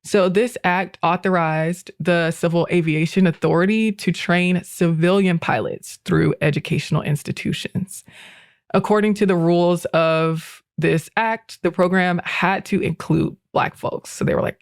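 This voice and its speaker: A woman telling a history story on a podcast in a relaxed, chatty way, often breaking into laughter. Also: on the low side, moderate pace, no room sound, clean studio sound. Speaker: guest presenter.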